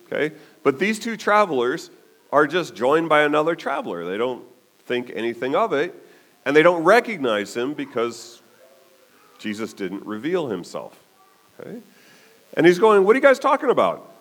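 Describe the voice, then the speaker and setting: Preaching a sermon, a pastor tells a story with animated delivery in a slightly high voice at moderate pace. He often checks in with his listeners by saying "okay?".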